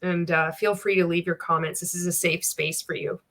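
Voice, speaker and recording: Woman host, reaction commentary, bright tense tone, blunt and profane. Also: on the low side, fairly even intonation, normal speed. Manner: candid, profane, wry, laughs often. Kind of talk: casual commentary reacting to a clip.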